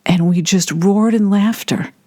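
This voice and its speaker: A woman telling a personal story in an animated way, laughing often as she recalls a first meeting. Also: mid-range voice, a little slow, dry recording.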